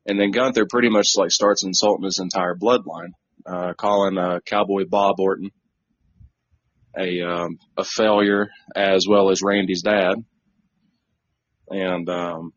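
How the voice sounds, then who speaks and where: A man's voice: sits low, fairly even intonation, unhurried, no echo. A man co-hosting a podcast, casually recapping a wrestling show with lots of fillers and jokey asides. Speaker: podcast co-host. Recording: dull lo-fi dry recording.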